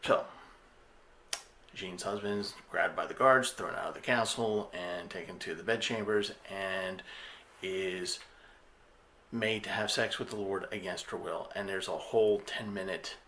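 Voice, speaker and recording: Podcast host, male, low-ish bright voice, rambling casual review. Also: fairly even intonation, a little slow, slight background noise. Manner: retells plot loosely with frequent fillers and restarts.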